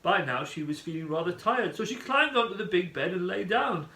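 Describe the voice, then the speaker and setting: A man narrating a children's story in an animated, expressive manner. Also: sits high, brisk. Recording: echoey room.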